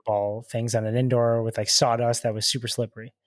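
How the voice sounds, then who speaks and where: A man in his twenties from Chicago, a guest telling stories in a casual, animated way, full of "like" and "dude". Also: medium pitch, fast, dry recording. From Chicago, USA. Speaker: podcast guest, paintball player. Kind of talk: casual storytelling.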